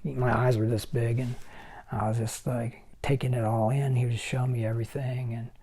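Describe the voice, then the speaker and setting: A man's voice: medium pitch, moderate pace, slightly rough. A man in his sixties, a special effects makeup artist, telling anecdotes in an interview and acting out other people's lines as he goes. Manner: animated storyteller who acts out other people's lines. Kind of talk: anecdotal storytelling.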